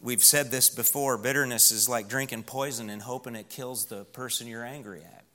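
A man preaching a sermon as pastor in a church, emphatic, slowing down and dropping to a hush on key words. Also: mid-range voice, fairly even intonation.

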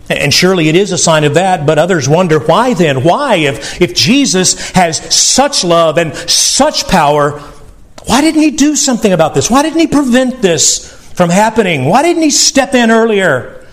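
A middle-aged man preaching a sermon, earnest and tender, often repeating words as he stresses a point. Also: a little high. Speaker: pastor.

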